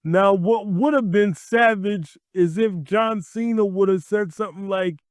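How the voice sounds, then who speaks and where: High-voiced man ranting slowly. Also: steady tone, no room sound, studio quality. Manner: blunt, exasperated, swears freely. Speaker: wrestling commentary YouTuber. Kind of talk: profane rant to camera.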